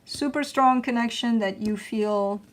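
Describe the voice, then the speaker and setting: A woman's voice: a little high, measured pace. A woman hosting a casual spoken tarot reading. She talks in a loose, chatty way with slang and the odd curse, and repeats herself when she coaches and reassures. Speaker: tarot reader hosting her channel.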